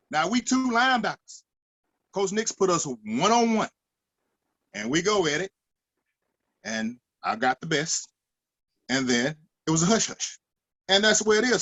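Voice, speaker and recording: A former linebacker, talking emphatically in a roundtable chat and jumping higher in pitch when he acts out other people. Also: a bit bright.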